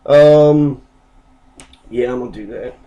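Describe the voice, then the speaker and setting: A man's voice: medium pitch, slow pace, warm tone, highs cut off. A man, sick with the flu, rambling in a casual, profane, stop-start monologue. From Kentucky. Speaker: political video blogger.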